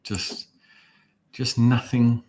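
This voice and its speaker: A man's voice: medium pitch, level tone, drawn-out words, a little mellow, slight background noise. A man with an English accent co-hosting a casual fan watch-along, speaking in a well-enunciated, wry and rambling way. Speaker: fan channel co-host.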